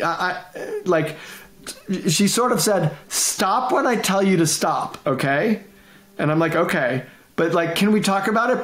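Middle-aged guy chatting on a podcast, acts out little quotes, laughs a lot, kinda echoey. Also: on the high side. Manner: animated, repeats and restarts, laughs often, acts out quotes. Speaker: guest, management consultant and author. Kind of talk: conversational interview storytelling.

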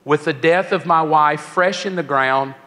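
A man's voice: on the high side, unhurried, sharp tone. A man in his sixties preaching a sermon to young people, telling a personal story with emotion and acting out the voices of others. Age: 60s. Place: large church hall. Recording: long church hall reverb.

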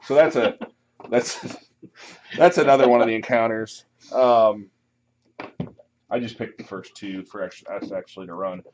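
Guy running a tabletop game, kinda low voice, rambling with lots of ums, muffled lo-fi recording. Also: moderate pace, pauses often, slight background noise. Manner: relaxed, rambling, many ums. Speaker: dungeon master.

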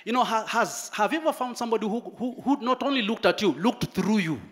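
High-voiced preacher. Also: male voice. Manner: animated preaching, dramatic pauses and storytelling. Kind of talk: sermon.

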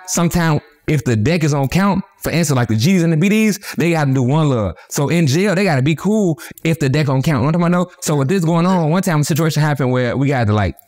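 A man talking at a rapid clip, with a voice sitting a little high for a man. He tells rough stories in animated, profane street talk, tripping over restarts as he goes. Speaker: interview guest. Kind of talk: casual storytelling interview.

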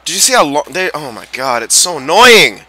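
A young man giving excitable, swearing live commentary while playing a video game. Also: on the high side, a little fast. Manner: excitable, swears and yells at players. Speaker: gameplay commentator.

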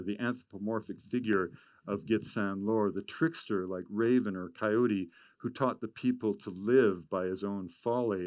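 A man giving a storytelling talk, animated and full of stammered restarts. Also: lowish voice, no echo. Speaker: speaker.

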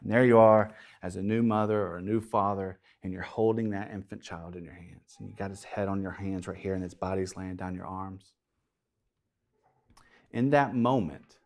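A pastor preaching a sermon in a dramatic storytelling way, with casual, joking asides. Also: male voice, mid-range voice, a little mellow.

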